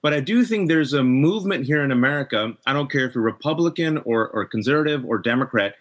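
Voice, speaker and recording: A man's voice: medium pitch, lively intonation, fast talker. A middle-aged man speaking as a guest in a political discussion, impassioned and emphatic. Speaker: podcast guest.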